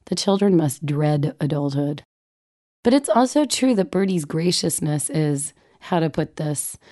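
A woman reads her own personal essay about her family in a low, mellow voice. Her tone is wry and self-mocking, and she lingers playfully over the comic turns of phrase. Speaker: mother of two narrating her own essay. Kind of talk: reading a personal essay aloud.

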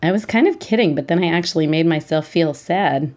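A woman's voice: sits low, animated, a little fast, darkish tone. A mother reading as her teasing young son. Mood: earnest.

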